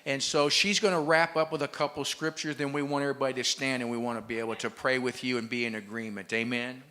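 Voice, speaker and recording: A man pastor speaks to a congregation in an encouraging, exhorting sermon, capping his points with amen. His voice is bright and forceful. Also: medium pitch, flat delivery, fast talker. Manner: encouraging, exhorting, frequent amens. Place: church hall in Malta.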